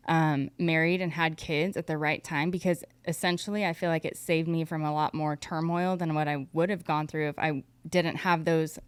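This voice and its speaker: A woman's voice: low voice, clear, resonant tone, no echo. A woman in her thirties, a podcast guest telling a personal story in a candid, chatty way, with lots of "like". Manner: candid, fast talking, uses "like" often.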